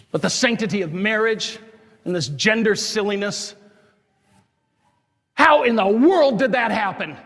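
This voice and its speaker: High-voiced priest preaching with fiery indignation. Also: male voice, fairly bright tone. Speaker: diocesan priest. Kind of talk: sermon. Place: church. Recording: long church reverb.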